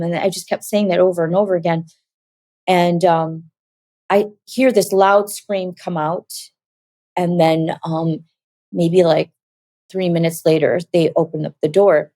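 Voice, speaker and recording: A woman with a low, grounded voice gives a personal testimony as a guest, animated and vivid, at a moderate pace. She acts out the voices of the people she quotes. The recording is close and dry, with no room around it.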